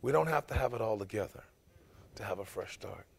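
A man's voice: fairly low pitch, lively intonation, brisk, creaky, slightly rough. A man pastor preaching a sermon, emphatic and full of rhetorical questions to the congregation.

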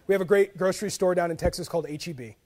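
High-voiced pastor preaching animatedly. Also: male voice, racing. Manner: animated, swings between soft asides and loud emphatic bursts; conversational, with frequent "like" and repeated starts. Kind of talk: sermon with humorous storytelling.

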